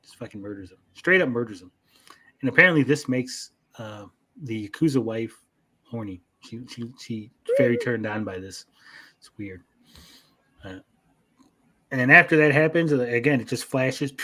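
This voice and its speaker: A man co-hosting a casual anime review, with an ordinary mid-range voice. He retells scenes in an animated, profane way, slipping into quick mock voices for the characters. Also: mid-range voice. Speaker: podcast co-host.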